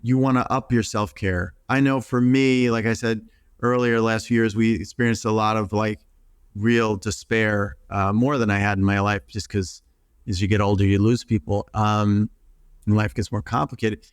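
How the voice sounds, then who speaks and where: A man's voice: lowish voice, little pitch movement, normal speed, clean tone, no room sound, studio quality. A middle-aged man, a psychotherapist, talking earnestly in an interview and stumbling through restarts. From United States. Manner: earnest, acts out quoted voices, many restarts. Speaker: psychotherapist guest. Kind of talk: reflective interview talk.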